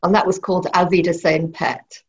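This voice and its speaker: In a lo-fi recording, a middle-aged novelist responds to interview questions with care, speaking haltingly and frequently starting over. She has a fairly low-pitched voice and a level tone.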